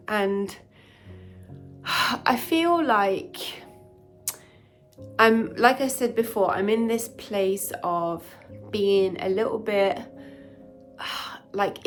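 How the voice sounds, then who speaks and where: A woman's voice: medium pitch, slow, long pauses, faint music behind. Candid woman in her forties. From United Kingdom. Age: 40s. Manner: soft, candid and introspective, with sighs. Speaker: junior doctor and vlogger. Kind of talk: reflective vlog talk to camera.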